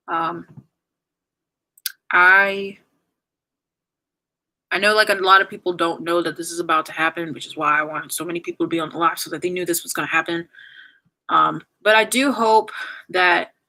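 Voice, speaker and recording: A young woman talks straight to her viewers in a loose, rambling livestream chat, full of fillers and restarts. Her voice is bright and forward, sitting a bit low for a woman. She is tearful and keeps fighting back crying. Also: poor audio. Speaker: YouTuber ending her channel on a livestream. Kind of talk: casual livestream chat, reading viewer comments.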